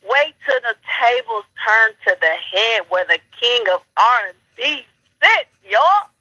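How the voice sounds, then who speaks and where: A woman's voice: on the high side, very animated, measured pace, sharp tone, no room sound. Brash woman caller on a phone line. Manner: brash, preachy, trash-talking. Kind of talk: heated call-in commentary.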